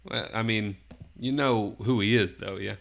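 A man's voice: lowish voice, unhurried, vocal fry, a bit bright. A man hosting a casual podcast, running a guessing game and giving teasing hints with chuckles. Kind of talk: casual chat.

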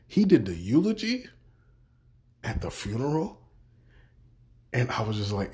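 A man's voice: medium pitch, wildly swooping pitch, a little slow, dark tone. A young man hosting a podcast, ranting in exasperation with heavy swearing and repeated words. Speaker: podcast host. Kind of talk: profane ranting review.

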